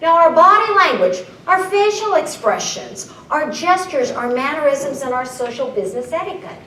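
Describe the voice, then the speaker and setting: A woman keynote speaker with a high, very lively voice. She speaks playfully and keeps calling on the audience with questions. Her voice sits a little back from the mic in an echoey conference room, with a faint rumble underneath. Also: normal speed, distant mic. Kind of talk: live presentation to an audience.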